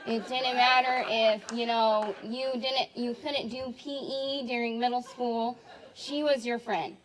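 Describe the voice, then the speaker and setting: A woman in her twenties, the maid of honor, giving a jokey, animated wedding toast full of laughs. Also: a little high, unhurried, low-quality recording. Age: 20s. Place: wedding reception.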